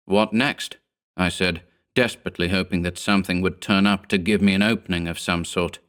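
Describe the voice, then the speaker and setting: A man narrating a horror story in a measured, grave storytelling manner. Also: low-pitched, little pitch movement, a bit bright, clear, resonant tone. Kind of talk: scripted horror audiobook narration.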